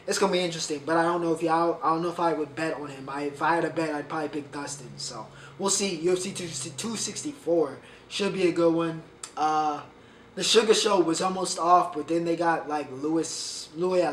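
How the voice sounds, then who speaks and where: A man's voice: a little high, steady tone, brisk, far from the mic. A man hosting a sports podcast, chatting casually and rambling, often stumbling over player names. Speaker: podcast host. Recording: echoey room, voice a bit off-mic, faint background hiss.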